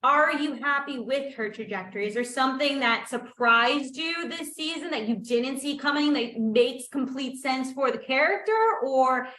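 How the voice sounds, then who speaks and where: High-voiced woman asking rambling questions. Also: moderate pace, hardly any pauses, pushed and bright, roomy sound. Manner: chatty, long rambling questions. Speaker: interviewer. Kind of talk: casual interview chat.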